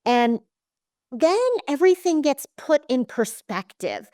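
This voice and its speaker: A woman's voice: high-pitched, big pitch swings, slow, a little mellow, no echo, studio quality. A woman podcast host chatting with a guest and sharing personal stories. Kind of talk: podcast interview.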